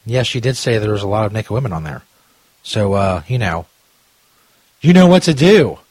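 A man hosting a comedy radio show, brash and mocking, with deadpan boasts. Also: on the low side, normal speed, breathy edge, no echo, poor audio. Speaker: host.

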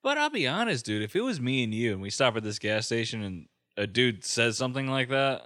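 Guy cussing and laughing thru a movie chat, bright lively voice, dry sound. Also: mid-range voice, a little fast, no echo. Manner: profane, laughing, emphatic.

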